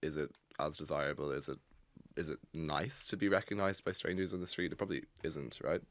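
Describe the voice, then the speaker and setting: A man's voice: rumbling low, brisk, no room sound. An Irish man, a comedian guest, telling an anecdote in a podcast studio and acting out what people said. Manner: animated storyteller, acts out quotes. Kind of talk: anecdote in casual chat.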